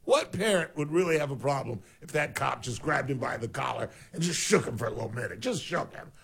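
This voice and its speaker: A man co-hosting a casual chat, telling stories with animated quoted voices and jokes. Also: medium pitch, a little fast, creaky, hardly any pauses. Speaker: podcast host.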